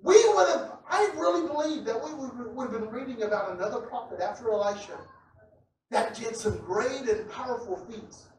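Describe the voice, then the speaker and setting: A man preaching a sermon who repeats himself and builds up to loud, shouted passages. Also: very high voice, normal speed. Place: church. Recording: echoey church hall from a distant mic with faint noise.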